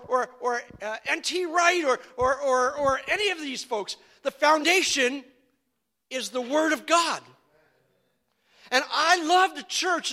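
A male pastor preaching a sermon, animated and stumbling over repeated words. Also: very high voice.

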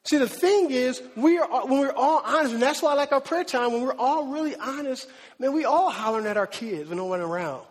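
A high-pitched male pastor delivers a sermon in a conversational, animated manner. He keeps asking his listeners "right?" and acts out the voices of the people in his stories. His voice carries a long reverb, as if it were recorded in a church hall. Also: brisk. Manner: conversational, checks in with "right?" often; animated storytelling with acted-out quotes.

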